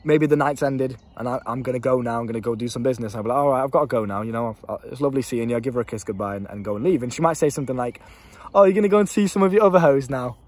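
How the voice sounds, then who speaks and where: A young man, working as a dating coach, talks straight to camera in a casual monologue of blunt dating advice. His mid-range voice moves very fast with hardly any pauses, and he swears freely while laughing at himself.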